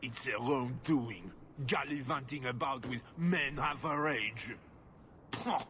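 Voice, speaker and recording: An actor playing a brooding, defensive husband whose wife has run off, grumbling and sighing. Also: male voice, mid-range voice, takes it slowly, sharp tone, slight background noise. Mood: bitter.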